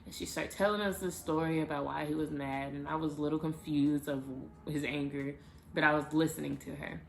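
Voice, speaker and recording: A woman vlogger telling a personal story to the camera in a casual, animated way, with emphatic bursts. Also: deep voice, a little fast, creaky, slight background noise.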